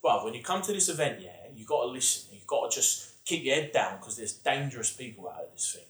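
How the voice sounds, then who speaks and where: A man's voice: mid-range voice, animated, fast talker, a bit bright, reverberant, far from the mic, natural voice. A man voicing young English lads who give a blunt warning in clipped London slang.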